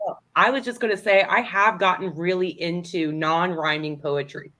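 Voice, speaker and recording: Low-voiced woman, blunt and swearing. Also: steady tone, normal speed, a bit bright. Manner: blunt, swears freely, apologetic when interrupting. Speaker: podcast co-host. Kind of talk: casual chat.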